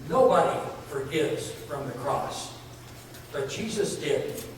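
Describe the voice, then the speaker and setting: Slowly and with lively intonation, a man whose voice runs a little high preaches an earnest sermon, layering repeated phrases for emphasis. The setting is a church sanctuary, captured from far away in an echoey hall with slight background noise.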